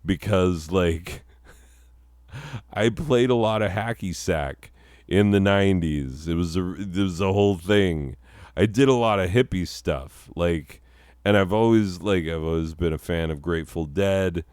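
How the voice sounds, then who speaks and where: A man's voice: deep voice, measured pace, a little mellow, clear, resonant tone, no echo, studio quality. A man in his forties talking casually and rambling over his own slides, laughing at himself and leaning on fillers. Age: 40s. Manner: self-mocking, laughs often, many fillers. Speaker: channel host.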